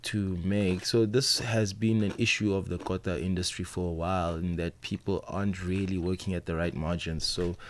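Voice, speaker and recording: A South African man, a restaurant owner, explaining his business in a measured, businesslike way on a radio interview. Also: low voice, level tone.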